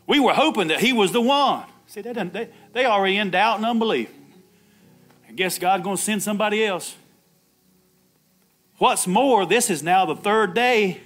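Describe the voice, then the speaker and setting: A man's voice: sits high, normal speed, long pauses, a bit bright, soft background music. A man preaching an Easter sermon, laughing often, calling out "Amen" and acting out the Bible dialogue himself. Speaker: pastor.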